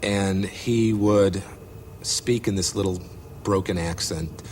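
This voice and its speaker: A man reminiscing in an interview, describing events in a measured way. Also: deep voice, fairly even intonation, noisy background.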